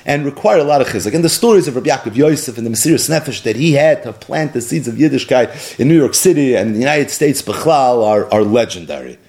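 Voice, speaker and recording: A man's voice: medium pitch, darkish tone. A man telling a story as a sermon, impassioned and building to emphatic peaks, mixing Hebrew and Yiddish terms into his English. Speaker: preacher.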